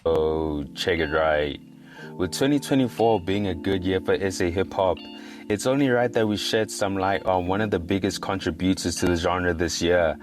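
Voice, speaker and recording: A man with a very deep voice gives scripted narration in a measured, informative way. Music plays clearly under his voice-over. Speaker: documentary video narrator.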